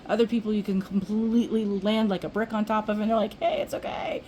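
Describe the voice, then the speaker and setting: A woman's voice: mid-range voice, level tone, fast talker, dark tone, a little hiss or hum, low-quality recording. Chatty older woman telling a story. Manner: chatty, rambling, with restarts and acted-out quotes. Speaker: vlogger. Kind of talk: casual storytelling monologue.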